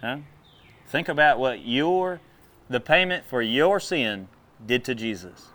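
Folksy preacher, animated and loud. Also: male voice, a little high. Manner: folksy, animated, drawling with sudden loud bursts. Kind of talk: sermon.

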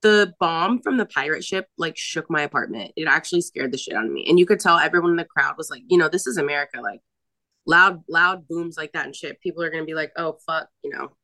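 A woman's voice: sits low, fast, sharp tone. A young woman co-hosting a podcast, chatting frankly and casually, swearing freely and laughing often. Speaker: podcast co-host. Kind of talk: casual chat. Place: apartment.

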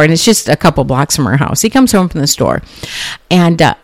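A woman's voice: fairly low pitch, a little mellow, no room sound. A middle-aged woman hosting a podcast, telling a personal story in an earnest, chatty way full of fillers and restarts. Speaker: podcast host.

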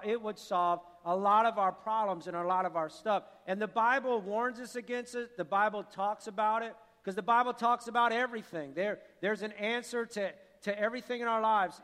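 High-voiced pastor preaching in a reverberant hall. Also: male voice. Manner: earnest, repeats words, builds to forceful preaching. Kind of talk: sermon. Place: church sanctuary.

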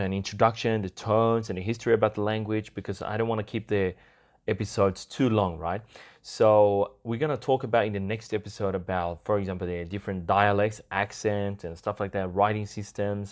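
Casual male podcast host, slightly low voice, loose and chatty. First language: Vietnamese. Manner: relaxed, rambling with many fillers and small laughs. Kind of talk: casual explanatory talk.

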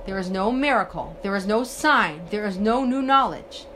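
A woman teaching a religious text, reading Hebrew passages aloud, then translating and explaining them with rhetorical questions and lively retelling. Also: mid-range voice, normal speed, slight background noise. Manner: animated storytelling with rhetorical questions. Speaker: Torah teacher. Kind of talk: text study lesson.

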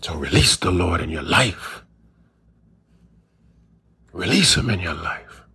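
Very husky, deep-voiced male preacher. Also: very animated, slow, sharp tone. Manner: repetitive, emphatic preaching cadence. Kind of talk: sermon.

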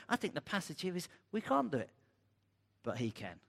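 A middle-aged man preaching in a lively, animated way. His voice sits a little higher than most men's. He acts out the people he quotes, jumping up in pitch for their worried lines. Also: a little fast, gravelly, long reverb tail. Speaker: pastor. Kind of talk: sermon.

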